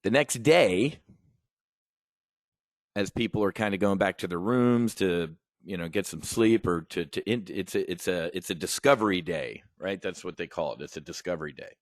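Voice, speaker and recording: A man hosting a live options trading brief, talking in an energetic, rambling, conversational way with emphatic asides. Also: deep voice, normal speed, no echo, studio quality. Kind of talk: livestream trade brief.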